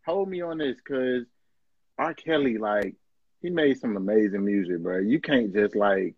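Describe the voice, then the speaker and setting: A man's voice: fairly low pitch, unhurried, husky, no room sound. A man co-hosting a casual podcast chat, slangy and emphatic. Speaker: podcast co-host. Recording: dull dry lo-fi recording.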